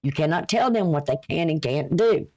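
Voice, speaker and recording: A woman's voice: low-pitched, lively intonation, normal speed, darkish tone. A woman giving a casual, folksy astrology reading, chatty and advice-giving, with a runny nose. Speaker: astrology and tarot reader.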